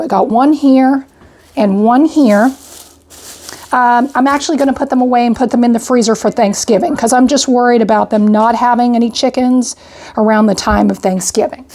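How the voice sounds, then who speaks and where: This older homestead vlogger casually runs through her grocery haul, slightly out of breath and chatty, often saying "I got" and "went ahead." She talks at normal speed in a fairly high, somewhat mellow voice.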